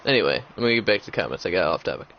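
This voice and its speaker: A young man hosts a gaming channel, chatting casually in a low, expressive voice that comes out rapid-fire, rambling with plenty of fillers and restarts. The recording sounds dull and lo-fi, with a faint hiss or hum underneath.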